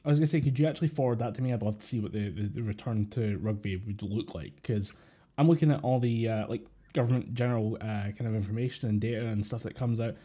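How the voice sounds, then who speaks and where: This mellow Scottish man, co-hosting a podcast, talks fast in a husky voice that sits on the low side. His casual chat rambles along with plenty of fillers and chuckles, picked up by a computer microphone over a voice call.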